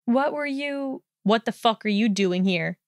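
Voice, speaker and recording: A woman's voice: fairly high pitch, lively intonation, unhurried, no room sound, studio quality. A woman voicing a hot-tempered young male wizard in a storybook reading, snarling and sneering. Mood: scornful.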